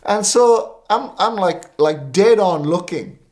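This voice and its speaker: A man's voice: sits high, slow. A middle-aged man, a minister, telling a story in a talk show interview, full of fillers and restarts. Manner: lively anecdotal storytelling with many fillers. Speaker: guest minister.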